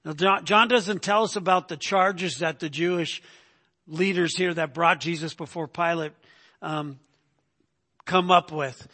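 High, bright-voiced man preaching in a hall. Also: a little slow. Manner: conversational, keeps asking "right?". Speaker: pastor. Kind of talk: expository sermon.

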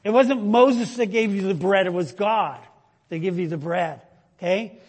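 Man preaching slow, husky and kinda high-pitched, swings from loud to hushed, long echo off the hall. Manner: slow, emphatic preaching that swells loud then drops to a hush. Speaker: pastor. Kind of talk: sermon.

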